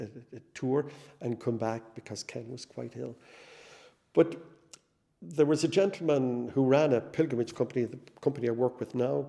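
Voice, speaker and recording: A middle-aged man, a singer, telling his personal testimony in a reflective, conversational way, with many pauses and fillers. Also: medium pitch, gravelly, warm tone.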